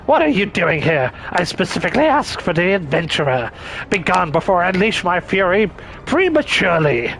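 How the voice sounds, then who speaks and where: A man's voice: high-pitched, sing-song, normal speed, a bit bright, a little hiss or hum, heavily acted. A man voicing a pompous, vengeful mad-scientist villain. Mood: menacing. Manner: menacing, pompous.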